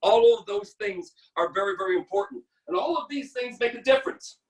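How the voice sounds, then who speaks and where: A woman's voice: medium pitch, fairly quick. Woman in her 60s, sales trainer, emphatic and blunt, motivational talk, slightly distant from the mic, video call.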